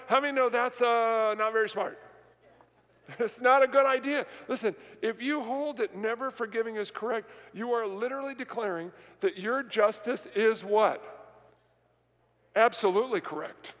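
Male pastor with a high voice, preaching with call-and-response questions; recorded in a big echoing sanctuary. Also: fairly bright tone. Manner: asks the congregation rhetorical questions and pauses for answers. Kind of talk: sermon. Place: large church sanctuary. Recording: long hall reverb.

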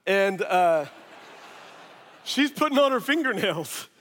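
A man in his thirties, a pastor preaching a sermon through an animated personal story full of quick asides. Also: high-pitched. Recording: long hall reverb.

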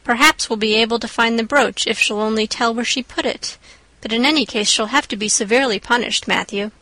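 A woman's voice: on the high side, a little fast, sharp tone, no echo, low-quality recording. A woman voicing a stern, strict older female guardian who speaks firmly and curtly. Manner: firm, clipped.

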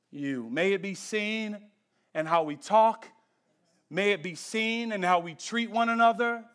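Preaching in a high-pitched voice, this pastor repeats rhythmic phrases that climb into shouting before sinking to a quiet, hushed prayer.

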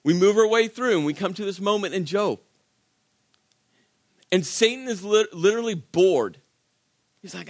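Male pastor, high voice, conversational emphatic sermon delivery, dry close sound. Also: expressive, normal speed, pauses often, dry recording. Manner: conversational and emphatic, with rhetorical questions.

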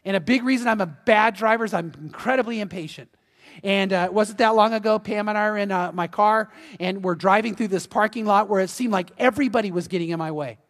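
A man with a high voice delivers a lively sermon, stumbling over repeated starts as he talks to his congregation. His voice rings with the long reverb of a church hall. He sounds unscripted and chatty. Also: fast. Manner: animated, conversational preaching with repeated restarts. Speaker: pastor. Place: church sanctuary.

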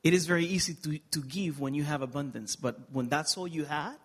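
A man's voice: on the high side, fairly quick. A middle-aged man from the Republic, telling his life story as an interview guest in an earnest, emotional way with touches of humor. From Dominican Republic. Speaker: guest speaker. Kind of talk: personal testimony interview.

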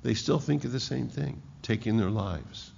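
A man preaching a sermon, reading scripture aloud and explaining it with slow emphasis and frequent restarts. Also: medium pitch, vocal fry, darkish tone, slight background noise. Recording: echoey hall, dull lo-fi sound.

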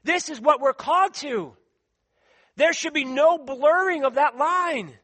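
A man preaching a sermon, reading scripture aloud and speaking earnestly and emphatically, with a tickle in his throat that keeps him clearing it and coughing. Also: very high-pitched, measured pace, pushed and bright. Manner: earnest, emphatic, stretches out key words.

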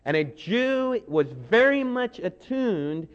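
A man's voice: high-pitched, sing-song, slow, clear, resonant tone, in a large hall, dull audio. A man preaching a sermon as pastor, telling the story vividly and acting out the voices he quotes.

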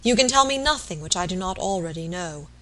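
A woman reading aloud as an earnest young gentleman, formal and firm, pleading with a sick man. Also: on the low side, lively intonation, brisk, close to an everyday voice, low-quality recording. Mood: earnest plea.

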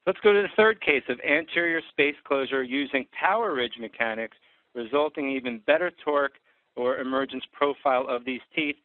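A man's voice: mid-range voice, fairly quick, no room sound. A man who is an orthodontist, giving a methodical clinical lecture on treatment cases, with frequent fillers. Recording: dry tinny phone-like sound.

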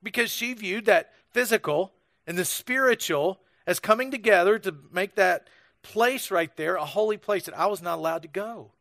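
A man's voice: sits high, moderate pace, creaky, fairly bright tone, dry recording. An American man preaching a sermon, telling stories in a conversational way with frequent restarts. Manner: storytelling, conversational with many restarts. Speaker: pastor.

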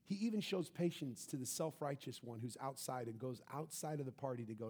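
A man preaching a sermon, emphatic, rising loud then dropping soft. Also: mid-range voice, fairly quick, hardly any pauses, husky. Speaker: pastor.

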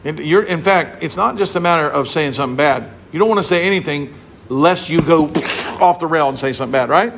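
A man's voice: fairly quick, background noise. A man preaching a sermon to his congregation, acting out little scenes and voices as he explains a psalm. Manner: animated, acts out scenes and voices with big pitch swings. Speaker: pastor.

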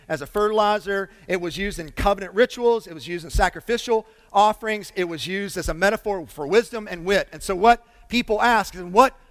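A man preaches, his voice sitting unusually high for a man. He is animated and emphatic, drawing his congregation in with questions and calls for amens. The sound carries a long reverb, as from a large church hall. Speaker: pastor. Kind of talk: sermon.

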